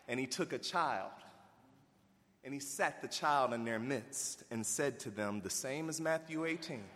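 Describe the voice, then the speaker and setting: A man preaching a sermon, animated and folksy, swinging between loud emphasis and hushed asides. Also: mid-range voice, big-room sound. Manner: folksy, addresses listeners as y'all.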